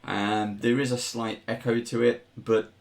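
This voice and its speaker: A man acting as game master, describing scenes with measured, hesitant pacing. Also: medium pitch, flat delivery, vocal fry.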